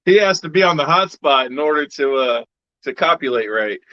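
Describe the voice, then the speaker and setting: A man's voice: fairly high pitch, animated, fairly quick, dry recording. A man hosting a casual livestream, easygoing and laughing along as he shares his own mistakes with snakes. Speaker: livestream host, reptile breeder. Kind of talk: casual chat. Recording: dull lo-fi stream audio.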